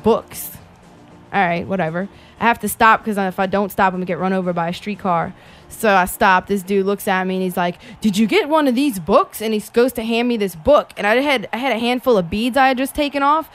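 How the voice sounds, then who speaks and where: A woman, co-hosting a podcast and telling casual stories, swearing freely and acting out the people in them. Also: fairly high pitch. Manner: animated storyteller, swears a lot, acts out voices. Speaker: podcast co-host. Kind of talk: casual chat.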